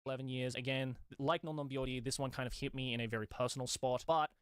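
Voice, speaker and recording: A man's voice: medium pitch, fairly even intonation, fast, clean tone, dry recording, clean studio sound. A man giving casual, opinionated anime reviews while ranking shows, chatty with lots of fillers. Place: clip played from a video.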